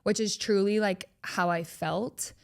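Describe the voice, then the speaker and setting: A woman's voice: medium pitch, fairly even intonation, measured pace, vocal fry, smooth. A young woman as a podcast guest, speaking in a reassuring, reflective way. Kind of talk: candid personal chat.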